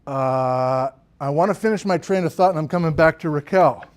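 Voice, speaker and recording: A man giving a university geology lecture in a classroom, talking in an animated, enthusiastic way and getting loud at times. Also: a little high, moderate pace.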